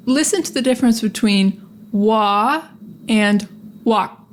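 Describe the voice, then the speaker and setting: A young American woman leads a pronunciation lesson in an upbeat, emphatic way, drilling words over and over. Her voice sits a little high for a woman. She speaks straight to her viewers like a teacher. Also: slow pace, slight background noise.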